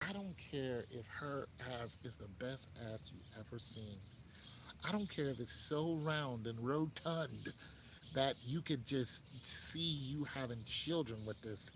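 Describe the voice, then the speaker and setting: A man's voice: medium pitch, noisy background. A man with an American accent giving dating advice in a laid-back, joking monologue, talking straight to the listener. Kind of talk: casual monologue.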